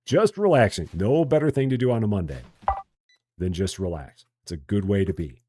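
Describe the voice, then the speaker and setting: A man's voice: lowish voice, normal speed, a little hiss or hum. A man from Chicago with a general Midwestern accent, chatting casually and rambling while live-streaming a game. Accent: general Midwestern American. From Chicago, USA. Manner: relaxed, chatty, self-mocking, rambling with restarts. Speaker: gaming streamer.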